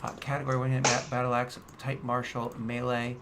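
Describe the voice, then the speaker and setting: A man running a tabletop game as game master, explaining rules and then narrating combat with excited energy. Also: mid-range voice, fairly quick, heavy background noise.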